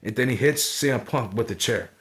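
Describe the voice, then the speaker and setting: A man's voice: medium pitch, a little fast, a bit bright. A man casually recapping and reviewing a wrestling match, swearing freely and dropping "right?" and "you know what I'm saying" after most sentences. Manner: profane, rambling, fillers like "right?".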